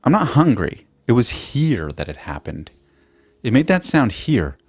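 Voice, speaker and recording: A man's voice: medium pitch, wildly swooping pitch, unhurried, a little mellow, husky, no echo. Sweary man rambling on a solo podcast. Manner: sweary, self-mocking, jumps between topics. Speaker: podcast host.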